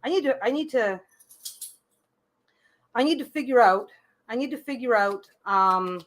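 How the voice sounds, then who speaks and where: Animated and at a measured pace, a tarot reader with a voice slightly higher than usual hosts live readings in a chatty, loose way. She thinks out loud with frequent restarts and repeated phrases before landing on reassuring advice.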